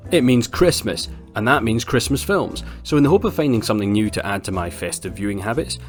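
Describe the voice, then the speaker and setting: Scottish male film reviewer, deep voice, dry sarcastic delivery, faint music underneath. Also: fairly quick. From Scotland. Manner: wry, blunt and sarcastic. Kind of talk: casual film review monologue.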